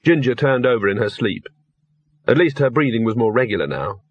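Husky male audiobook narrator. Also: mid-range voice, lively intonation, fairly quick, no echo. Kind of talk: scripted fantasy narration. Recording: dull lo-fi dry studio recording.

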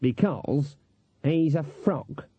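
A man's voice: on the high side, extremely slow, mellow, breathy edge, dry recording, full character voice. A man voicing a stern, blunt old witch. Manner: dry, blunt, matter-of-fact. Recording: dull, dry lo-fi recording.

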